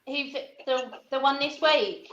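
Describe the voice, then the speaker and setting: A woman's voice: sits high, slow, pushed and bright, lo-fi sound, slight background noise. A woman co-hosting a casual chat on a video call, chatty, with brief reactions. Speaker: co-host.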